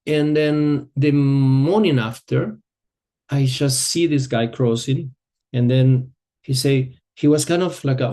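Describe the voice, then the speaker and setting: A middle-aged man who is not an English speaker, teaching a yoga group in a relaxed way, telling a personal story and often searching for words. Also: mid-range voice, takes it slowly. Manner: relaxed, searching for words, non-native phrasing.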